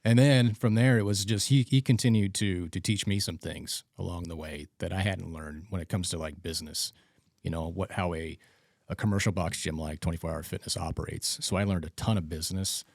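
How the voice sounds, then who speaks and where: Deep-voiced man, casual podcast host. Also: steady tone, brisk, vocal fry, darkish tone, dry recording, clean studio sound. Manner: rambling, restarts and acts out quoted exchanges. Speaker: podcast host and trainer instructor. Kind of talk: casual chat.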